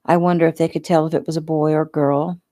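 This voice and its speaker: A woman's voice: deep voice, little pitch movement, fast, mellow, no echo, clean studio sound, lightly acted. A woman reading a tender young man, devoted and worried. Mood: grieving.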